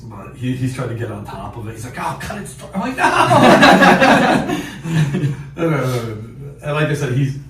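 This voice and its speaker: A man hosting a podcast, telling a hunting story in a casual, animated way, laughing often and acting out what people said. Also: mid-range voice, a little slow, crowd noise. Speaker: podcast host. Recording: echoey distant mic with background noise.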